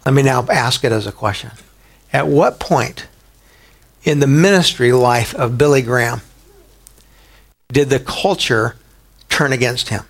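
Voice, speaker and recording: A man preaching a sermon in a conversational way, asking the listeners rhetorical questions and rising sharply in pitch for emphasis. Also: a little slow, pauses often. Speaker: pastor.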